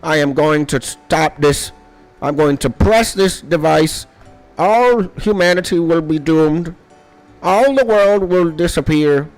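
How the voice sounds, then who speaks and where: A man's voice: on the high side, takes it slowly, soft background music, pitched above the performer's own voice, poor audio. A man putting on a raised, hammy voice as a melodramatic villain threatening to destroy the world. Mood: gloating. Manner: hammy, theatrical ranting.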